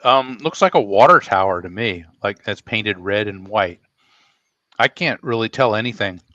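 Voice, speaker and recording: A man's voice: lowish voice, lively intonation, moderate pace, sharp tone, highs cut off. A middle-aged man co-hosting a casual podcast chat, wordy and stumbling, repeating himself. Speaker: podcast co-host.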